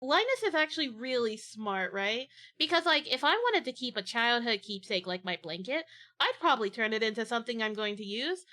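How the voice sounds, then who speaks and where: A woman's voice: fairly high pitch, very animated, a little fast, bright, forceful tone. A woman streamer chatting casually on a watch-along stream, rambling playfully into silly bits.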